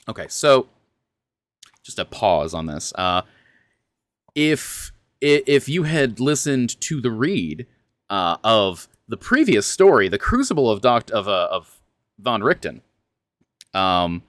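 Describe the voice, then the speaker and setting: A man's voice: on the low side, sing-song, takes it slowly, pauses often, fairly bright tone, dry recording. Man reading a horror novel aloud. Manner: chatty, stumbling asides between earnest reading. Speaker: reader narrating a fantasy horror novel. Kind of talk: dramatic book reading with casual asides.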